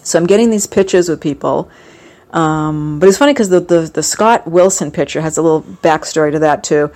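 A woman with a slightly low voice chats casually and at length. She rambles and gushes, with many pauses and fillers between her thoughts. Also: a little mellow. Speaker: vlogger recounting a fan convention. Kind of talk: casual chat.

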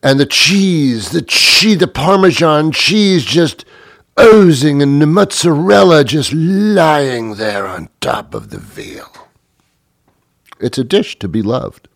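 A man's voice: fairly high pitch, slow, vocal fry, dry recording, studio quality. A middle-aged man telling a rambling, sarcastic comic story about himself. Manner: sarcastic, self-mocking, lively rambling. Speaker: comedic storyteller. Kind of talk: comedic monologue.

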